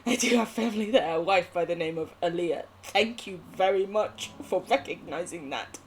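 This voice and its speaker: A woman's voice: fairly low pitch, moderate pace, a little hiss or hum. A young woman streaming a game, chatting casually with viewers, giggling and swearing. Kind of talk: casual live gameplay chat.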